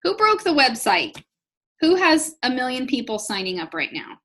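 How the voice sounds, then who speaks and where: A woman's voice: high-pitched, wildly swooping pitch, moderate pace, bright, forceful tone. Give me an encouraging woman trainer giving a casual live webinar lesson. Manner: chatty, upbeat and encouraging, talks straight to her audience. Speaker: network marketing trainer. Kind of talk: live online business training.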